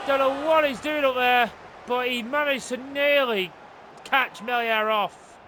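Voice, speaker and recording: A gaming host doing let's-play commentary, excitable and swearing as they rant at the game. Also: medium pitch, a little slow, a little hiss or hum.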